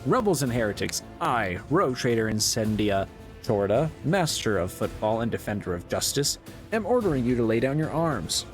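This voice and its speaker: A man's voice: mid-range voice, very animated, moderate pace, lightly acted. A man reading aloud the lines of a zealous female rogue trader who judges harshly, over faint game music. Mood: stern.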